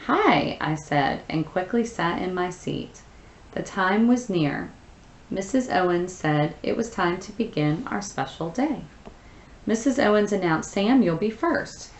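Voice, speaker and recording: Low-voiced woman teacher in a roomy space. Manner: patient, step-by-step explaining with frequent fillers. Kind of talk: reading a story aloud, then explaining answers.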